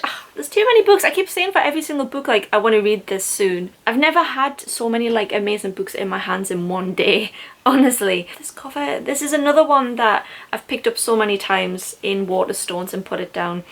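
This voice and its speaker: A woman's voice: mid-range voice, fairly bright tone. A young woman in a casual book haul vlog, talking in a gushing, enthusiastic way about gifts from friends. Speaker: book vlogger.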